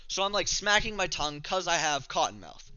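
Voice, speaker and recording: A man's voice: a little high, big pitch swings, a little fast, pushed and bright, clear, resonant tone, dry recording, muffled recording. A young man from Canada casually telling a rambling, profane, self-mocking story to the camera. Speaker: vlogger.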